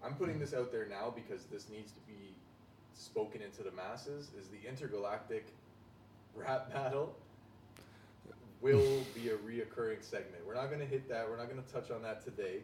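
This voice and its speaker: A man with a low voice co-hosting a relaxed podcast, quick with interjections and an easy laugh. He sits back from the mic in an echoey room with faint noise behind him. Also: far from the mic. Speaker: podcast co-host. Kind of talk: casual podcast chat.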